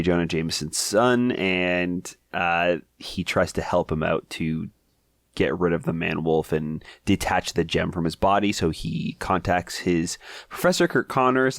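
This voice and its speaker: A man's voice: deep voice, no echo, studio quality. A man co-hosting a podcast, chatting about comics in an easygoing, hesitant way with frequent laughs. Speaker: podcast co-host. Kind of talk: casual comic review chat.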